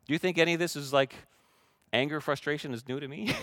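A man's voice: sits high, quick pace, dry recording. Man preaching a sermon, dry sound. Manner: shifts between hushed reflective passages and loud emphatic preaching; asks the congregation direct questions. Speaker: pastor.

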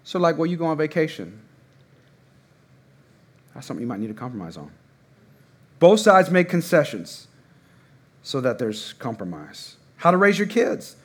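Man, pastor, sermon, conversational preaching, loud bursts, slightly high voice. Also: normal speed, long pauses. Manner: lively, conversational preaching with frequent fillers and sudden loud bursts. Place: church hall before a congregation.

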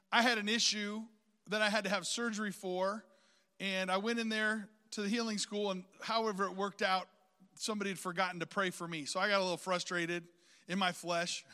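A man's voice: high voice, bright, forceful tone, clear, resonant tone, big-room sound. A man preaching a sermon, outgoing and talkative, calling on the congregation to repeat phrases after him.

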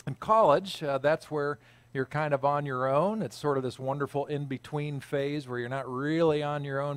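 A man's voice: a little high, dry recording. Conversational preacher man, dry close sound. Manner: conversational, self-deprecating, frequent uh fillers. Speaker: pastor. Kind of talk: sermon with personal storytelling.

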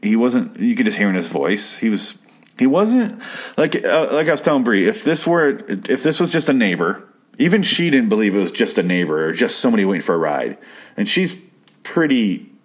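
A man's voice: lowish voice, sing-song, moderate pace, husky. A man casually telling a long personal anecdote, rambling off on tangents and swearing freely. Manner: rambling, profane, digressive. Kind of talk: casual storytelling.

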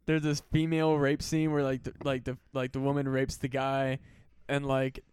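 A man's voice: mid-range voice, monotone, moderate pace, darkish tone, clean tone, no echo, studio quality. Laid-back swearing podcast man. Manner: laid-back, swears a lot, short reactions. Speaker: podcast co-host. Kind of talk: casual podcast chat.

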